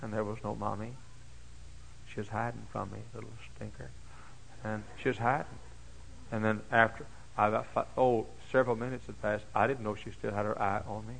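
Gravelly older pastor preaching. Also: male voice, little pitch movement, brisk, slight background noise, poor audio. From Dallas, Texas. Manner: folksy, dramatic, swings from hushed asides to high shouted exclamations. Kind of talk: sermon with personal storytelling. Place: church.

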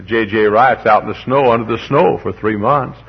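Husky pastor man telling folksy stories. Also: on the low side, moderate pace, lo-fi sound. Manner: rambling, humorous, repeats words, rises to emphatic preaching. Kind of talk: sermon with folksy storytelling.

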